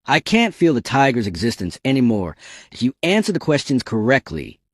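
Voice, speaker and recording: A man's voice: medium pitch, big pitch swings, moderate pace, no room sound, clean studio sound. A man doing a brash ghost boy-king. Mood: threatening. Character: boastful ghost boy-king, childish and lovestruck.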